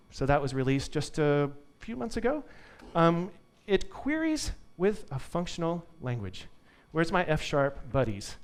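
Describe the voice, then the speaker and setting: A man's voice: fairly high pitch, clean tone. A man giving a live conference tech talk to an audience, upbeat and joking. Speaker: conference speaker.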